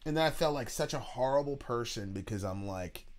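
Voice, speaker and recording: A man co-hosting a reaction show, telling a personal story in a halting, earnest way with repeated words and casual swearing. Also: medium pitch, animated. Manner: earnest and reflective. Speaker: podcast co-host, father.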